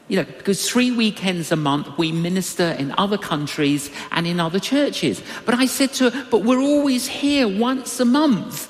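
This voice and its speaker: A man preaching a sermon, telling personal stories with animated swings in his voice. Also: unhurried, echoey room, big-room sound. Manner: animated storytelling with big pitch swings.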